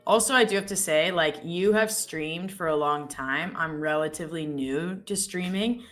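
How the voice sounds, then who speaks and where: A woman's voice: deep voice, moderate pace, fairly bright tone, faint music behind. A woman co-hosting a live trading stream, chatting casually and thinking aloud as she trades, often correcting herself mid-sentence.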